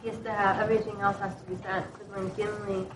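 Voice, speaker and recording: A woman's voice: medium pitch, little pitch movement, very fast. A woman student thinking aloud hesitantly in a class discussion. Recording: distant, echoey classroom with noise.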